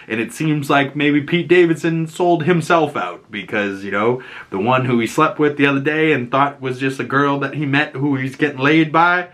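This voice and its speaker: A man's voice: mid-range voice, normal speed, fairly bright tone. A man giving casual, chatty reaction commentary on a movie trailer, laughing often.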